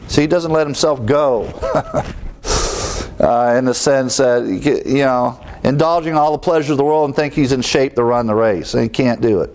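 A man preaching a sermon, acting out quick inner voices with sighs and exclamations. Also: mid-range voice, darkish tone. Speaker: pastor.

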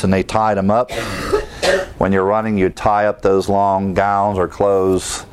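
A man's voice: fairly low pitch, smooth. A male preacher teaching through Bible verses, explaining them and asking his listeners rhetorical questions. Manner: explains verse by verse, often pausing to restart.

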